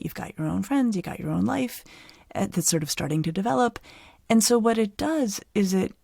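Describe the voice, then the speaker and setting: A middle-aged woman psychologist hosting a podcast, explaining conversationally with an animated, easy manner. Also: fairly low pitch, vocal fry, no echo, studio quality. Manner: animated, explanatory, laughs easily. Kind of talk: conversational expert advice.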